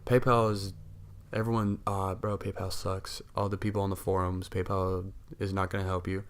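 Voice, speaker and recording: A man's voice: sits low, moderate pace, slight background noise. Heated young man telling a story. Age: young adult. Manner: animated storytelling, heavy cussing, acts out others' lines. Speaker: podcast co-host. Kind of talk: casual chat.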